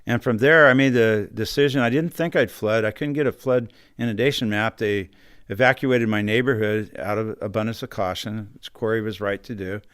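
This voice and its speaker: A man's voice: medium pitch, clear, resonant tone, dry recording. A middle-aged man, a county supervisor, earnestly telling his story as a studio guest and acting out the phone calls he quotes. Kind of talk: recounting a personal story in an interview. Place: radio studio.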